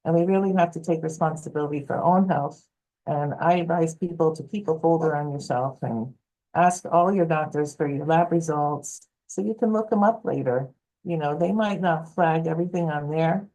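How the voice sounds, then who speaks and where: A woman health coach telling stories in an interview, lively and acting out what people said. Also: deep voice, moderate pace, rough recording. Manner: animated, acts out quoted voices. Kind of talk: storytelling interview answer.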